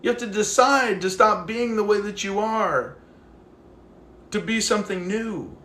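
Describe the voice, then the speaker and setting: A man's voice: sits high, measured pace, roomy sound. A man ranting casually on a phone livestream while out walking his dog, acting out the people in his stories and swearing freely. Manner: animated storyteller, acts out quotes, swears freely. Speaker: livestream host.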